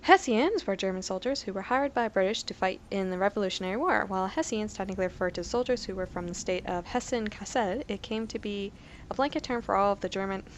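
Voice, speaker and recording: A woman's voice: medium pitch, quick pace, slight background noise. A woman doing casual let's play commentary, reading game entries aloud in a chatty, self-correcting way with giggly asides.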